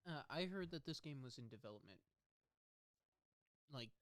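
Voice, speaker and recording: Smooth-voiced man, slow and hesitant. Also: medium pitch, expressive, a bit bright. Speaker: podcast co-host. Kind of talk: casual chat.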